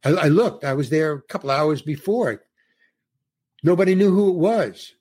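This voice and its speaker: An older man in his eighties, originally from New York, talks as a podcast guest. His voice is husky and sits a little high for a man. He tells a meandering story, slipping into the voices of people he quotes. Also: moderate pace, a little mellow. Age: 80s. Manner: rambling storyteller who acts out quoted dialogue. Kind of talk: casual anecdote telling.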